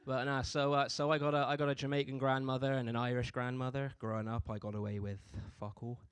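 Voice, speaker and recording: A man's voice: medium pitch, flat delivery, fast talker, clean tone, dry recording. A young man from doing a stand-up comedy set in a laid-back, conversational way. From Bristol, England. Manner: laid-back, conversational delivery with frequent "you know what I mean".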